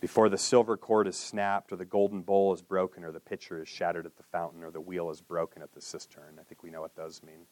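Earnest preacher man with a low voice. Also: flat delivery, fast talker, hardly any pauses, no room sound. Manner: earnest, with drops to a hushed low voice and lifts for emphasis. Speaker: pastor. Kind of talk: sermon.

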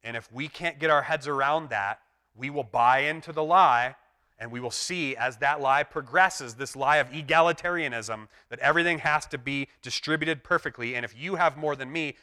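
A man's voice: medium pitch, normal speed, sharp tone. A man preaching a sermon in an earnest, emphatic way. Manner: earnest, emphatic preaching that acts out quoted voices. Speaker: pastor.

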